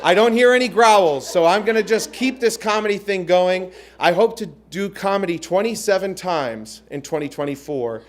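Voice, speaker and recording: A man's voice: sits high, animated, normal speed, few pauses, slight background noise. Goofy young man closing a comedy set. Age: 20s. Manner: goofy, joking.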